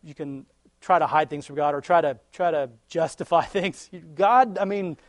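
A man's voice: fairly high pitch, moderate pace, no room sound. Chuckling man giving a folksy devotional. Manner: conversational, chuckles often, homely anecdotes. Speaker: lay preacher. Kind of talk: casual devotional talk and prayer.

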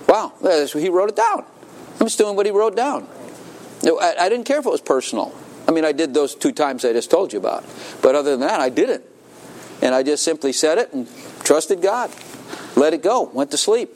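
Laughing frequently, a male pastor with a slightly high voice at normal speed preaches animatedly in church and prompts his congregation for answers. Some faint hiss or hum is audible.

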